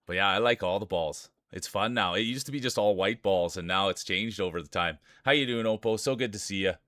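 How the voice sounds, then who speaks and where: A Canadian-accented man streams live, calling out his chat by name and cracking jokes through his marble race commentary. His voice sits on the low side with a fairly bright tone, and he talks a little fast. The recording is studio quality with no room sound.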